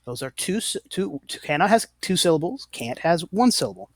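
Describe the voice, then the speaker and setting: A man's voice: fairly high pitch, sing-song, brisk, a little hiss or hum. A man teaching a lesson, explaining patiently and correcting himself often. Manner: patient, self-correcting, apologetic. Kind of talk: slow, deliberate classroom explanation.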